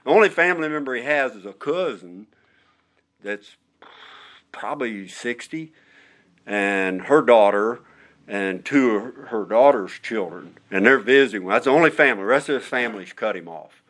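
A man's voice: mid-range voice, normal speed. A middle-aged man, a director of prison chaplains, telling a story in a folksy, conversational way and acting out the voices of the people he quotes. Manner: animated, acts out quoted voices. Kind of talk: storytelling testimony.

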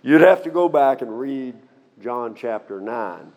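Middle-aged man, folksy Bible teacher, mellow low voice, long hall reverb. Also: animated, measured pace. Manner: folksy, repeats "okay?" to check in.

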